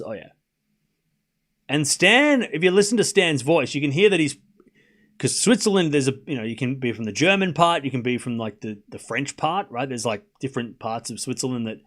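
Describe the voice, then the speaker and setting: A man hosting a live tennis watchalong, rambling casually, answering viewer chat and calling points in quick play-by-play bursts. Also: mid-range voice, a bit bright.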